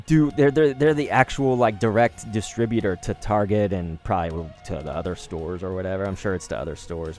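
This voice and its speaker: A man hosting a card-opening vlog, telling a story casually with lots of fillers and casual swearing. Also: mid-range voice. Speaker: YouTube card-opening host.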